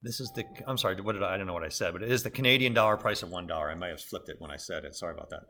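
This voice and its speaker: A man's voice: low-pitched, rapid-fire, bright, forceful tone, slight background noise. A man lecturing a business school class in a conversational, explanatory way, often stopping to correct himself.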